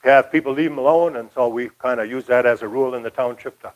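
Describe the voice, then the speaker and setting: A man's voice: medium pitch, quick pace, lo-fi sound. An older man from Michigan giving a casual, rambling local history talk, folksy with many fillers. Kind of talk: casual lecture.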